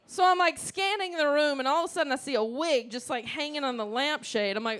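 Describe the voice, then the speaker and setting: Southern woman stand-up comic, bit high-voiced, big acted-out bits, live stage mic. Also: fairly quick, few pauses. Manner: animated storytelling with loud acted-out outbursts. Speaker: stand-up comedian. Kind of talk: stand-up comedy set. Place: comedy stage before a live audience.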